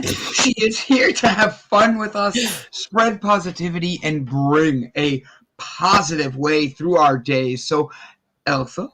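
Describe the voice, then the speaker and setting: A man from Ohio hosting a live morning chat show, upbeat with showy, drawn-out greetings. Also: high-pitched, fairly bright tone. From Cleveland, Ohio. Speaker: host.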